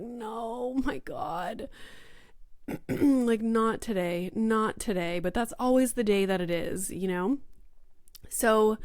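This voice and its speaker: A young woman hosting a podcast, telling a story in casual chat full of "like" and "you know", quoting herself in lively voices. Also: mid-range voice, clear, resonant tone, no room sound, clean studio sound. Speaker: podcast host.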